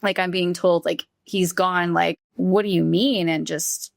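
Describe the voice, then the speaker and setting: A woman guest on a podcast, telling a painful personal story in a halting, conversational way, full of "like" and acted-out quotes of what others said. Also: fairly low pitch, fairly even intonation, creaky, no room sound, studio quality. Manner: halting, heavy use of "like", acts out quoted voices.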